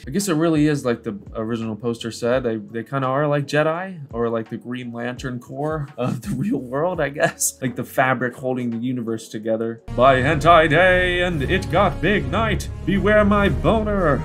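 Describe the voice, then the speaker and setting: A young man giving comedic commentary on online posts, animated and incredulous, often jumping up high for jokes. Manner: animated, incredulous, jumps into high squeaky voices for bits. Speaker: YouTuber reading online posts.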